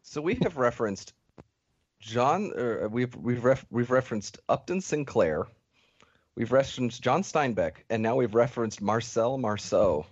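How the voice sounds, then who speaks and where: A man's voice: medium pitch, expressive, measured pace, breathy edge, no echo. A man on a podcast, reflecting on a show with dry humor and some restarts. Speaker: podcast co-host. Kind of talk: casual chat analyzing a reality show. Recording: dull lo-fi audio.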